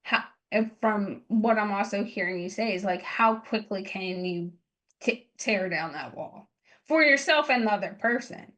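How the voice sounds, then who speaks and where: A woman hosting a podcast interview, chatting casually with lots of "like" and acting out lively quotes. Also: mid-range voice, measured pace. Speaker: podcast host.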